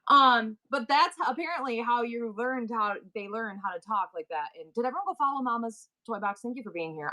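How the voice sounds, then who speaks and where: A woman in her forties selling on a live stream, chatting casually and practicing rapid auctioneer-style number chants. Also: fairly high pitch, sharp tone.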